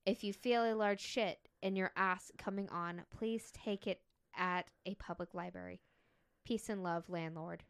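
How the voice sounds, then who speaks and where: A young woman co-hosting a podcast in a mid-pitched voice. She jokes and cracks up easily while chatting. The sound is dry and close. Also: fairly even intonation, unhurried, clean tone, dry recording. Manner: giggly, jokey, cracks up easily. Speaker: podcast co-host. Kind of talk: casual chat.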